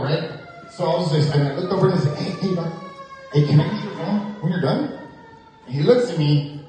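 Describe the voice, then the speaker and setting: Man telling stand-up, echoey distant room. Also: on the high side. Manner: storytelling, acts out jail conversations with shifting voices. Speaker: stand-up comedian. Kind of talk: stand-up comedy set. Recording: echoey club heard from a distance.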